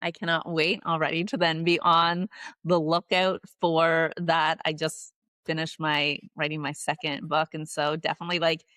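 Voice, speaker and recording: A woman hosting a podcast, her voice set a little low and recorded dry and close. She is enthusiastic and effusive, rambling warmly through her thoughts with lots of "like". It sounds like a relaxed conversation. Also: moderate pace, dry recording. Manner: enthusiastic, effusive, filler-heavy with "like". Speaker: podcast host. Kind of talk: conversational interview.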